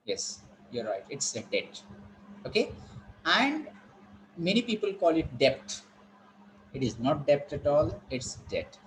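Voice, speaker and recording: A man's voice: a little high, sing-song, normal speed, fairly bright tone, slight background noise, poor audio. A man with an Indian English accent teaching an online class, explaining words and repeating them for students. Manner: instructive, repeats words, asks students questions.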